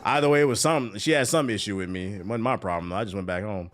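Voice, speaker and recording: A man streaming a game while telling a story casually, animated, swearing and laughing a lot. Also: fairly low pitch, quick pace, slight background noise. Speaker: gaming streamer.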